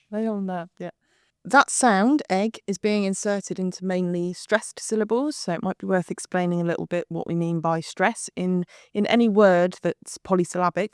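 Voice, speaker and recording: A woman forensic linguist, a podcast guest, explaining her analysis step by step in a measured way with some fillers. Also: fairly low pitch, dry recording, clean studio sound.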